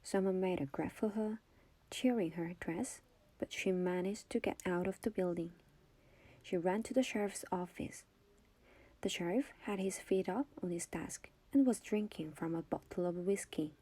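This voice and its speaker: Woman reader, native Korean speaker, ASMR reading, gentle whispers, warm and mellow. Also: on the low side, measured pace, slightly rough, no room sound. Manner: soft, often whispered.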